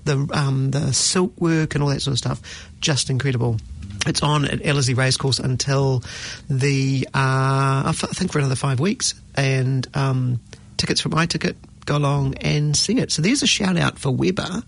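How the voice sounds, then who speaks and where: A middle-aged man hosting a casual radio show, chatty and animated, often exclaiming. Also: mid-range voice, moderate pace, vocal fry, few pauses. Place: radio studio.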